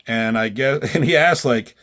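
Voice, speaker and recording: A man's voice: mid-range voice, normal speed, a bit bright. A man casually recapping a comic book, rambling with frequent fillers and the odd swear.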